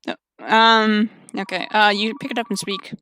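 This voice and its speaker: A woman's voice: mid-range voice, level tone, normal speed, sharp tone, smooth. A woman streamer reading a dating visual novel aloud, chatty and wry with sarcastic asides.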